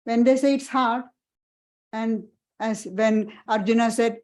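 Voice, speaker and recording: Earnest woman giving a halting spiritual talk. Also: a little high, steady tone, darkish tone, poor audio. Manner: earnest, halting, repeats and restarts phrases. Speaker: monastic teacher.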